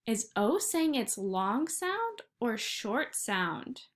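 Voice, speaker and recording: A woman guides first graders through a phonics lesson in a slow, deliberate way, pulling each sound apart so small children can follow. Her voice sits a little high and stays patient and encouraging. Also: big pitch swings. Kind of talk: recorded online phonics lesson.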